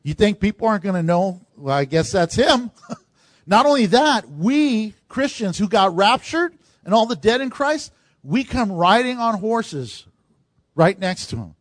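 High-voiced pastor preaching, dry close sound. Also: male voice, unhurried, no room sound. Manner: animated, acts out quoted voices of congregants. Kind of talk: sermon.

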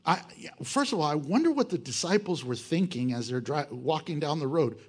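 Male pastor, high voice with big swings in pitch, lively and joking, asks his congregation rhetorical questions. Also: fairly quick, breathy edge. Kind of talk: sermon.

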